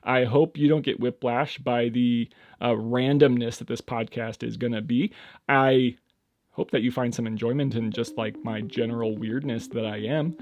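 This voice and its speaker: A young man talks through a casual solo podcast with a medium-pitched voice in a dry, close recording. He rambles and hesitates, restarting his sentences often. Now and then he jumps into sudden high, excited bursts. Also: moderate pace, no echo, highs cut off. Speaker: podcast host.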